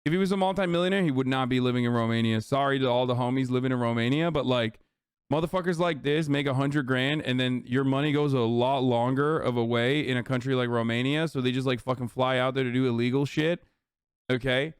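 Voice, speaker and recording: A male streamer riffs on a clip in casual, profane bursts, sounding openly incredulous and mocking. His voice is crisp and smooth, picked up close with a dry, dead sound. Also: medium pitch, fairly quick, dry recording. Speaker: streamer reacting to videos. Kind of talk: casual reaction commentary.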